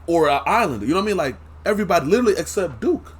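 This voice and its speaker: Brief: male streamer, husky, animated slang-heavy rants. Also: a little high, racing. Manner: animated, slangy, laughs often. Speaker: reaction streamer. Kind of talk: casual commentary.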